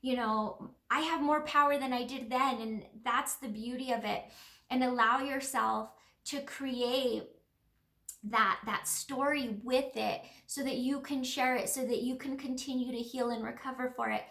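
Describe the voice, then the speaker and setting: Earnest, rambling woman healer with a bright, tense voice, recorded in a roomy space. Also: high voice, steady tone, unhurried. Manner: rambling, earnest, many fillers. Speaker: spiritual healer. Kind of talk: casual reflective monologue. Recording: roomy echo.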